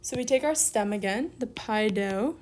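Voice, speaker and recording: A young woman teaching a recorded beginner Greek lesson, casually explaining each step and sounding out words slowly. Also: mid-range voice, a little mellow.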